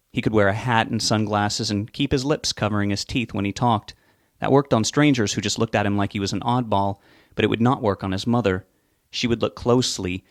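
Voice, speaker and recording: A man reading a novel aloud in measured, unhurried scripted narration. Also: on the low side, no echo, studio quality. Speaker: audiobook reader.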